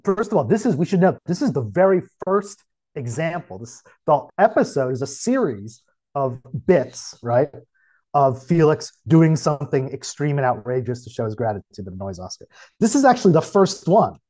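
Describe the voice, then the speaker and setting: A man co-hosting a podcast, casually thinking aloud about a show's script with halting restarts. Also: a little high, very animated, warm tone. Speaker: podcast co-host. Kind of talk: casual chat.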